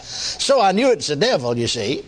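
Man, preacher, sermon storytelling, folksy, chuckling, lively pitch. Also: moderate pace. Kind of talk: sermon testimony.

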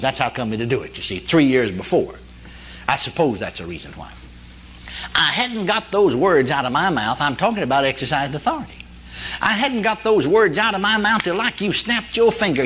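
A man's voice: mid-range voice, a bit bright, slight background noise. A man preaching a sermon to a congregation, telling a story in a folksy way and asking "amen?" and "you see?". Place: church meeting hall before a congregation.

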